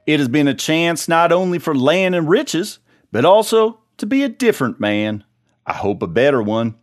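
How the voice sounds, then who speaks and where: A man putting on a Texan commander's rousing speech. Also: medium pitch. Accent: put-on Texan. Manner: solemn, slow, rousing oratory.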